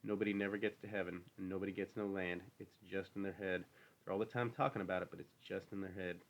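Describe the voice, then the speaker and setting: A man's voice: deep voice, fairly even intonation, fast. A man reading the part of a lonely, bitter older stable hand who talks in a brooding, needling rural drawl. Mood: scornful.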